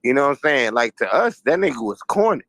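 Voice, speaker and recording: A laid-back man speaks with a Southern Virginia accent, swearing freely as he tells stories in casual chat. His voice sits at a middle pitch. The sound is dry and close. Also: sing-song, quick pace, a bit bright, no room sound, low-quality recording. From Richmond, Virginia.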